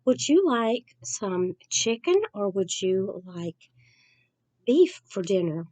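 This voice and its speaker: A chirpy housewife calls out from her kitchen in a sweet, sing-song tone, as a woman puts her on while telling a joke. The sound is close and dry. The voice sits at an ordinary middle pitch. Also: sing-song, slow pace, warm tone, no room sound. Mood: sweetly calling.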